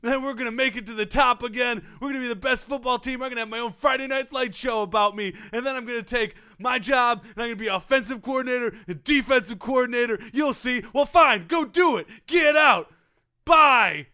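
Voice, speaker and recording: A man's voice: very high voice, steady tone, fast, few pauses, pushed and bright, voice pushed up. A man voicing an emotional male football coach who argues with himself in a comedy podcast sketch. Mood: indignant, shouting. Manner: rambling and increasingly frantic.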